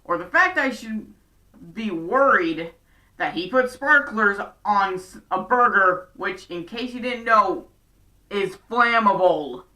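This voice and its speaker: A woman's voice: medium pitch, animated, takes it slowly, pushed and bright, distant mic. A woman giving a casual episode recap with chatty, sarcastic asides. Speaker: show recap vlogger.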